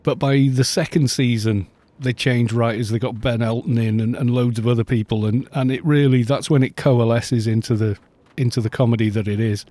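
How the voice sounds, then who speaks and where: A man's voice: medium pitch, steady tone, brisk, hardly any pauses, warm tone, dry recording. A middle-aged man chatting casually and rambling on a live game stream, laughing often.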